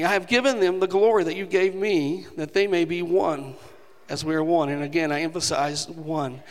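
A man's voice: sits high, fairly bright tone. A male pastor preaching a sermon, earnest and rising to emphatic passages. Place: church sanctuary. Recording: long reverb of a large hall.

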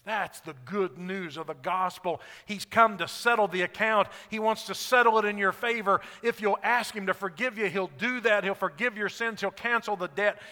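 A man delivering a sermon as pastor, his voice high and bright. He builds to emphatic, ringing lines, then falls back to soft, conversational asides. The sound carries a long hall reverb. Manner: swells to emphatic peaks, then drops to quiet asides.

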